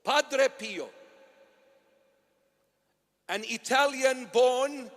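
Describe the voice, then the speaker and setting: A man, a bishop, preaching an impassioned sermon that swings between loud and hushed. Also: sits high, lively intonation, unhurried. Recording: long hall reverb.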